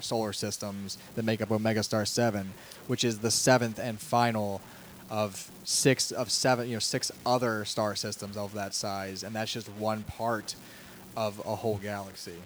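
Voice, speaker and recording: A man's voice: on the low side, steady tone, moderate pace. A young man co-hosting a podcast in casual chat, laid-back and rambling, with faint noise behind. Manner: laid-back, rambling, drops into joke accents. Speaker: podcast creator and co-host.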